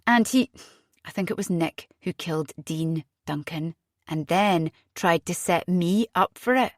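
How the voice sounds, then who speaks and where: A woman voicing an agitated young Scottish mother in an audiobook, speaking urgently with a rising pitch. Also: a little slow, no room sound, studio quality, natural voice.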